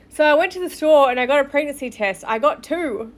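A woman's voice: high voice, animated, fairly quick, hardly any pauses. A woman hosting a podcast, reading posts aloud and breaking off into sarcastic, swearing asides with frequent laughter. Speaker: podcast host.

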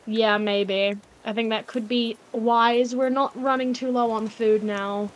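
A woman playing a co-op game as a guest, playful and quick to giggle. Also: fairly high pitch, steady tone, slight background noise. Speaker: co-op gaming guest. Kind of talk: casual multiplayer gameplay commentary.

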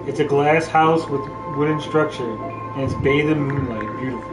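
A man with a mid-range voice, speaking at normal speed, hosts a casual let's play session, joking, rambling and reading the game's text aloud. He's far from the mic, so the sound is roomy and off-mic, with game music in the background.

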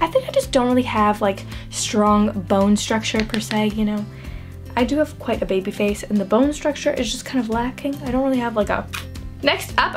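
A young adult woman chatting through a makeup routine, self-deprecating and filling her talk with "like". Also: a little high. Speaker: beauty vlogger. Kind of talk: casual makeup tutorial chat.

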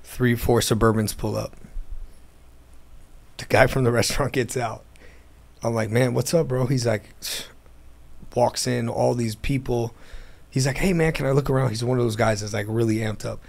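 Speaking from an airplane hangar in an informal interview, a man relates how his business came about. He has a mid-range, gravelly voice, a moderate pace, and long pauses, and he brings quoted dialogue to life by acting out each person's voice.

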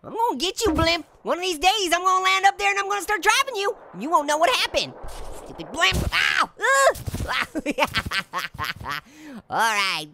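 A man's voice: very high voice, wildly swooping pitch, unhurried, vocal fry, bright, forceful tone, exaggerated voice. A man voicing a cheeky, hyper male talking orange who giggles and wisecracks through comedic game commentary. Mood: goofy. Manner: giggly, wisecracking, constant laughing. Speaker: gameplay commentator.

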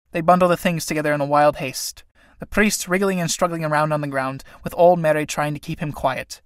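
A man's voice: a little high, fairly even intonation, fairly quick, no room sound, clean studio sound. Man reading stage directions plainly. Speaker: reader. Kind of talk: solo play reading.

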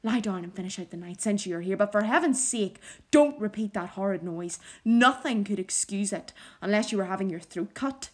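A woman reading the lines of a volatile, harsh, brooding man who is master of the house, speaking gruffly and abruptly. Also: mid-range voice, lively intonation, a little fast, few pauses, close to an everyday voice. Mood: irritated.

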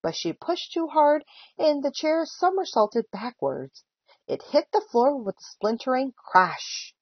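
A woman volunteer reading a children's book aloud with expressive storytelling. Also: sits high, unhurried, husky, no echo, highs cut off. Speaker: volunteer reader.

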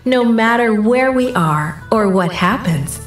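A woman reading a Bible story aloud in a church, in a measured storybook manner, lifting her voice for the quoted lines. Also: on the high side, lively intonation, faint music behind. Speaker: children's story reader. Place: church sanctuary. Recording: roomy, from a distant mic.

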